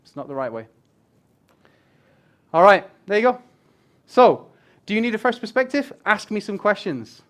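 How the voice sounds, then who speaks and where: Here a man with a high-pitched voice speaks at a moderate pace, pausing often, as he gives a casual talk on user experience design. In an event room with a live audience, he stays animated, jokes with the crowd, and swears now and then.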